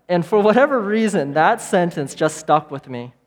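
A man preaching a sermon as pastor, emphatic, with repeated phrases and dramatic pauses. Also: high-pitched, expressive. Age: adult parent of young children.

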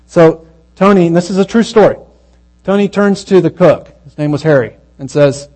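Preacher, man, slightly high voice, relaxed storytelling sermon, low mains hum under it. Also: rough recording. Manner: conversational storytelling that grows hushed and slow at the moving parts.

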